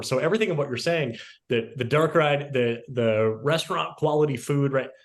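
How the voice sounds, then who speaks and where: A man co-hosting a podcast in casual chat, reflecting on and summing up his partner's points. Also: medium pitch. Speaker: podcast co-host.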